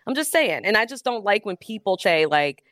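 A woman's voice: mid-range voice, big pitch swings, brisk, a bit bright, no room sound. A woman hosting a call-in radio talk show, talking in an emphatic, slangy way and firing off rhetorical questions into a studio microphone.

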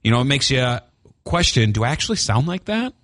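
A man's voice: mid-range voice, big pitch swings, brisk, fairly bright tone, no room sound. A man from Minnesota with a Minnesotan accent co-hosting a morning radio show, joking and chatty as he walks through a study in a studio. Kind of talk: casual on-air banter. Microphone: studio microphone.

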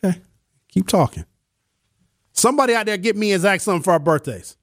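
A man's voice: high-pitched, animated, fast talker, a bit bright, dry recording, clean studio sound. A man hosting a call-in talk show in a chatty, joking way. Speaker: radio talk show host. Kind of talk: casual call-in show chat.

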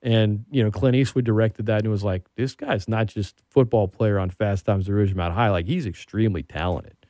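A man hosting a casual talk show, an animated storyteller who gets worked up. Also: fairly low pitch, fairly quick, no echo, studio quality. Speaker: podcast host. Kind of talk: casual chat.

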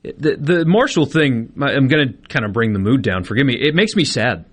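A man's voice: medium pitch, lively intonation, moderate pace, husky. Laid-back male sports radio co-host. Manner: joking, laid-back asides. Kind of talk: casual sports talk banter.

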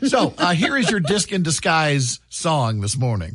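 A man's voice: fairly high pitch, normal speed, creaky, husky. A man co-hosting a morning radio show, joking and laughing often as he reads promos and chats with his co-host in the studio. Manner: jokey, laughs often, animated delivery. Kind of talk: upbeat radio banter. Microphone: studio microphone.

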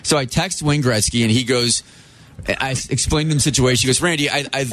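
A man co-hosting a radio show, briskly telling an anecdote and quoting others as he goes. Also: medium pitch, a bit bright. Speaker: radio co-host.

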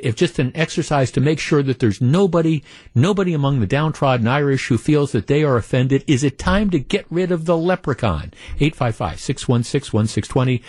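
A man's voice: medium pitch, a little mellow, dry recording. A man hosting a talk radio show, reading out listener texts with wry disbelief. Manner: wry, incredulous. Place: radio studio. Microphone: studio microphone.

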